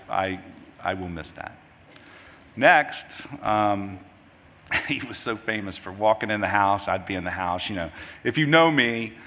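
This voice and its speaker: A middle-aged grieving father giving a eulogy at a memorial service. He talks in a halting, rambling way, restarting his sentences. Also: lowish voice, a bit bright. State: grieving, voice near tears. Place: large memorial service hall. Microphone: microphone at a podium. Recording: hall reverb, faint background noise.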